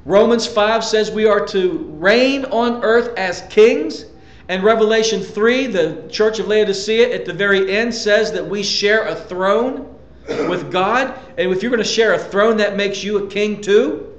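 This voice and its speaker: A man's voice: sits high, measured pace, reverberant, muffled recording. A male pastor preaching a sermon with emphasis, asking the congregation rhetorical questions.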